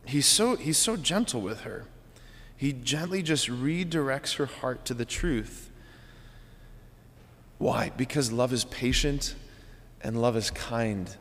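A man, a priest, giving a conversational sermon in an animated way that keeps adding "right?" and "like". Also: medium pitch, takes it slowly, pauses often. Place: church. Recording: long church reverb.

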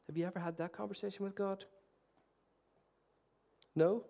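A middle-aged man preaching a sermon, earnest and swinging between loud declarations and soft, tender passages, with self-deprecating humour. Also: fairly high pitch, normal speed, creaky, long pauses. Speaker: pastor.

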